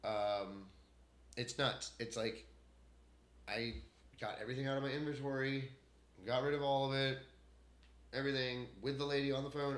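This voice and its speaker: A man's voice: medium pitch, fairly even intonation, normal speed, long pauses. Profane ranting man in an echoey room. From United States. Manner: profane, heated ranting with swings in loudness. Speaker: vlogger. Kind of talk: unscripted solo rant.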